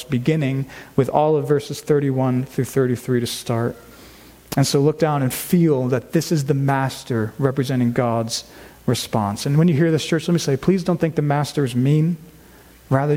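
A man preaching a sermon to his church, earnest and emphatic, slowing down to stress key words. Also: medium pitch, mellow. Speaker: pastor. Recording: long reverb of a large hall.

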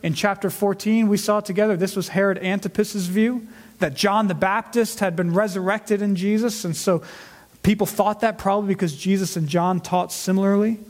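A man's voice: sits high, fairly even intonation, moderate pace. A male pastor preaching an earnest expository sermon, often repeating words as he stresses a point.

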